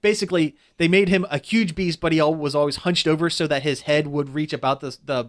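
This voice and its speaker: A man's voice: fairly high pitch, steady tone, fairly quick. A man on a casual podcast, rambling through a critical movie review with lots of restarts. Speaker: podcast co-host. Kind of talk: casual chat.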